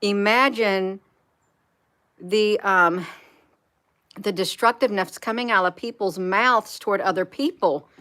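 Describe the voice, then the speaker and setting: Speaking a little slowly with frequent pauses, a woman in a medium-pitched, pushed and bright voice runs an earnest live stream as a spiritual vlogger. She repeats herself for emphasis and reads viewer comments out loud.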